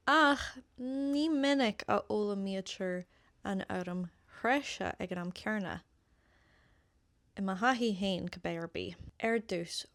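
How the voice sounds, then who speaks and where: A woman with an Irish accent teaching a casual online language lesson. She is patient and repeats example phrases slowly for learners. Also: medium pitch, gravelly, no room sound.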